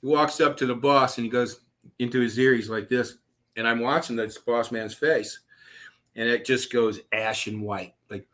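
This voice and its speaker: A man telling his own story as a guest over a video call, profane and animated, chuckling as he goes. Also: medium pitch, moderate pace. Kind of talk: casual storytelling.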